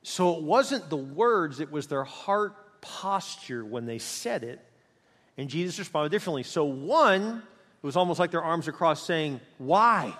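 A man preaching a sermon in an animated, storytelling way, recorded in a church sanctuary. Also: a little high, a little slow. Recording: long hall reverb.

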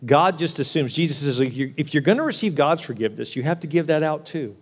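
A man's voice: on the high side, fast talker, husky. A man preaching a sermon, telling a story earnestly and with emphasis before urging listeners to pray and forgive. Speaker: pastor.

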